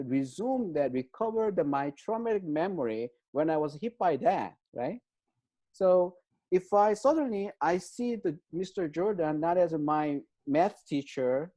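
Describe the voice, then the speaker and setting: An interview guest who specializes in trauma walks the listener through a concept one step at a time. He sounds soft and mellow despite a slightly high pitch, and he speaks hesitantly in non-native English, filling pauses with "um" and checking in with "right?".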